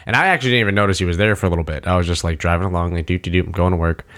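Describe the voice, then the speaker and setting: A man's voice: sits low, rapid-fire, a bit bright. A man in his thirties telling a long personal story in casual chat. He rambles with lots of fillers and swears freely. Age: 30s.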